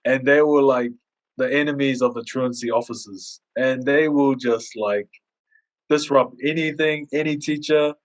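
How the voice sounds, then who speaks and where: A man chatting on a podcast with a middle-pitched voice, telling school stories with lively energy. He acts out the people he quotes. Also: measured pace, low-quality recording.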